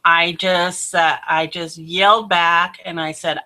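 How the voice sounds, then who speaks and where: A woman hosting her own show, telling a personal testimony in an animated way, laughing often and acting out what people said. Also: on the low side, takes it slowly, few pauses. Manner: animated, laughs often, acts out quoted voices. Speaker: host.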